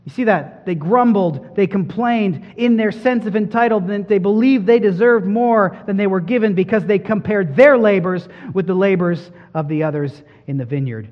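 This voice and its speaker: A man with a high voice preaches a sermon, swelling to emphatic peaks and then falling back to hushed lines. His words ring out with a long hall reverb. The recording sounds dull and muffled. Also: normal speed, few pauses. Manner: preaching with rising emphasis and soft drops.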